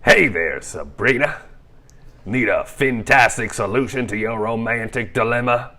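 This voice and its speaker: A man voicing a brash, smooth-talking male fish with a heavy put-on New York accent, loud and slick in a read-through. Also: unhurried. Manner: loud, slick sales pitch with pet names. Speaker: podcast co-host reading a script.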